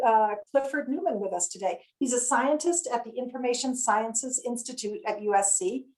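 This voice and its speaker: A woman's voice: fairly high pitch, a little mellow, rough recording. A woman hosting and moderating an online panel over a video call, speaking in a friendly, chatty way with frequent ums and uhs. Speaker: webinar host and moderator.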